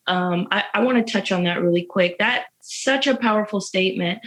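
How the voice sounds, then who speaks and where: A woman's voice: medium pitch, normal speed, a bit bright, rough recording. A woman being interviewed from jail, speaking about her life with earnest, faith-filled emphasis and repeated phrases, moved close to tears. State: emotional. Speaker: interview guest, incarcerated mother. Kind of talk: heartfelt personal testimony.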